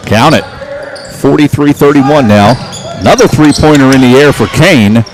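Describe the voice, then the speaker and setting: A man calling local basketball play-by-play, getting excited and shouting on big plays. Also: medium pitch, moderate pace. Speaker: play-by-play announcer.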